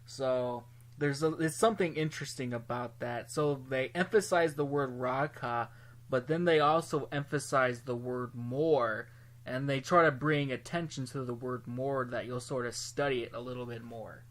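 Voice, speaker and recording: A man's voice: mid-range voice, steady tone, normal speed. Man musing with frequent ums. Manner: hesitant, full of ums and restarts. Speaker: Bible study video host. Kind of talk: casual spoken commentary.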